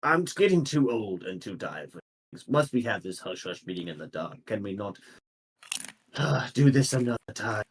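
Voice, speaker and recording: A man's voice: lowish voice, very animated, moderate pace, slightly rough, pitched below the performer's own voice, full character voice. A man voicing a grumpy, tired old male guild lord who complains impatiently. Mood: grumbling.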